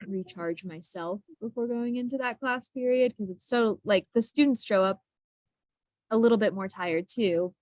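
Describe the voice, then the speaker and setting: A woman's voice: medium pitch, moderate pace, a little mellow, no echo, poor audio. A young adult woman teacher talking candidly about her classroom struggles in a casual group discussion, laughing often at herself.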